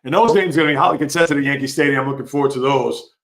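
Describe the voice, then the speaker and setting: A man hosting a live sports talk stream, reading chat comments and giving opinionated, animated reactions. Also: medium pitch, rapid-fire. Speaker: sports show host.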